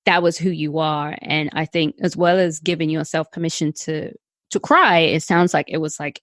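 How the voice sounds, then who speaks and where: A woman's voice: sits low, steady tone, normal speed, a bit bright, no room sound, clean studio sound. A woman hosting a podcast interview, speaking in an affirming, encouraging way. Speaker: podcast host. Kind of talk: casual interview talk.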